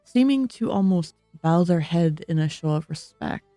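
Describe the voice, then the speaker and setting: Low-voiced woman game master. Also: normal speed, no room sound, faint music behind. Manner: calm, steady narration with hesitations. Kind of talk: narrating a tabletop game.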